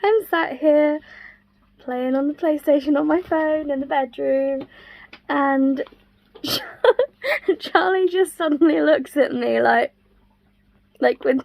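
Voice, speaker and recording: A woman's voice: high voice, vocal fry, dry recording. A woman telling a story in a chatty, giggly way at home. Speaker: vlogger. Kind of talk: casual vlog storytelling.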